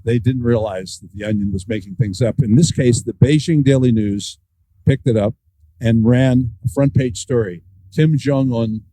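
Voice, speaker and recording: A man, an author guest, telling wry anecdotes with dry humor in a relaxed storytelling style. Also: mid-range voice, moderate pace, no echo, rough recording.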